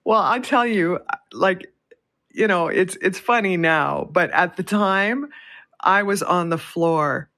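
A woman's voice: fairly low pitch, takes it slowly, a bit bright. A middle-aged woman from Canada hosting a radio show, telling a story in casual chat and laughing often. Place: radio studio.

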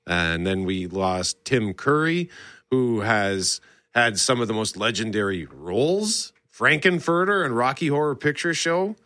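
A man's voice: mid-range voice, expressive, a little slow, bright, forceful tone, dry recording, studio quality. A male host chatting casually about pop culture, enthusiastic and rambling, often restarting his sentences. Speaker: show host. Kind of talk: casual entertainment talk.

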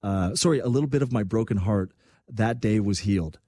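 A man hosting a casual talk radio show, telling stories in an animated, emphatic way. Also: fairly low pitch, brisk, dry recording, studio quality.

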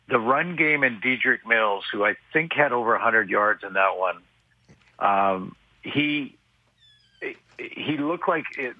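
A man giving football analysis on a radio talk show, halting and restarting often, with a dry sarcastic streak. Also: medium pitch, no echo. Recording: tinny phone line, dry.

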